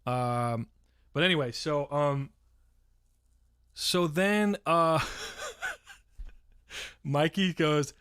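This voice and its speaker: A man's voice: fairly high pitch, expressive, takes it slowly, pauses often, a bit bright, no echo, studio quality. A man from San Francisco telling a story on a live stream, rambling and swearing freely and breaking off to answer chat. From San Francisco, USA. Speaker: livestreamer.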